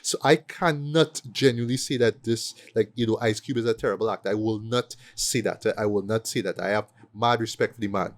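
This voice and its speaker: A man giving a casual, profane movie review rant, animated and often acting out quoted lines. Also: lowish voice, a little fast, hardly any pauses. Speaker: podcast co-host.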